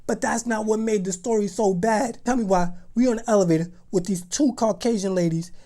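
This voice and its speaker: Animated slangy young woman storyteller. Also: mid-range voice, fairly quick. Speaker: vlogger. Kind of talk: storytime vlog.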